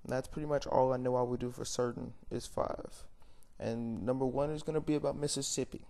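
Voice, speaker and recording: A man's voice: medium pitch, steady tone, a little fast, gravelly, dark tone. A young man ranting casually to camera, blunt and rambling, often stopping to correct himself. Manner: rambling, blunt, frequent fillers and self-corrections. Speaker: vlogger. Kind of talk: unscripted rant to camera.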